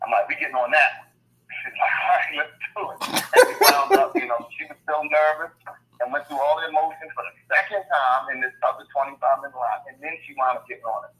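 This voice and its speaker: A fifty-something man tells a family story in a relaxed, chatty way, full of "you know" and restarts. His voice sits at a middle pitch and lifts sharply when he quotes others. The sound is thin, like a phone line. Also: fast talker. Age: 50s. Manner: animated storyteller, acts out quotes, many fillers. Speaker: mastermind call participant. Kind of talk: casual storytelling on a group call.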